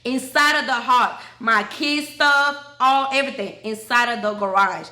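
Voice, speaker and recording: A young woman tells her own story straight to her viewers. Her voice sits high and sounds bright and sharp. She talks bluntly, swears freely and keeps turning to the camera, while the room around her echoes. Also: normal speed. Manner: blunt, profane, addresses viewers as y'all.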